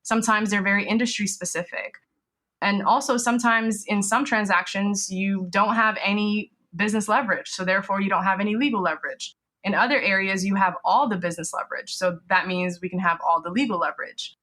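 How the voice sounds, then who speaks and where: A woman's voice: mid-range voice, fairly quick, bright, forceful tone. A woman business lawyer, a podcast guest, explaining legal risks in a conversational way, often adding "you know" and "right?".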